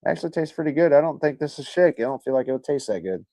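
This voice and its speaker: A man's voice: fairly high pitch, expressive, fast talker, dark tone, no room sound. Crude, laid-back male stream host. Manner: crude, joking, swears a lot. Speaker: livestream host. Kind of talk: casual chat reading viewer comments.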